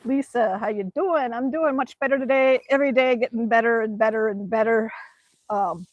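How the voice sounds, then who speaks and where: A woman's voice: a little high, normal speed, dry recording, dull audio. A woman chatting casually on a live stream outdoors in winter, rambling with many ums as she reads the chat. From Alaska. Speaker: vlogger reading live chat. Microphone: phone camera.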